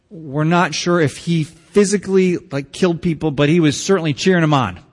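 A man preaching a sermon as pastor, conversational and joking with his congregation. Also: a little high. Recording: long hall reverb.

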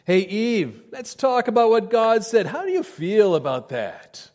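A man's voice: sits high, sing-song, a little slow, a little mellow, pitched above the performer's own voice. A man doing a sly, taunting devil. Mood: coaxing. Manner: incredulous, taunting questions. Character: sly male devil, mocking and sowing doubt.

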